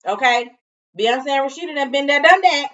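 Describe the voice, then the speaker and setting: A woman's voice: high voice, moderate pace, a bit bright. A woman co-hosting a reality TV review, outspoken and casual as she retells scenes. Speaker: co-host of a reality TV review show. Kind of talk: casual chat. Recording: dull sound from a distance.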